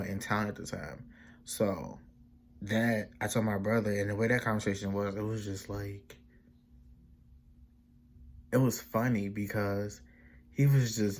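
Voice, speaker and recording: A man's voice: fairly low pitch, slight background noise. A young man casually telling a personal story for his vlog, rambling with slang and restarts and quoting his family in their own voices. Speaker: vlogger.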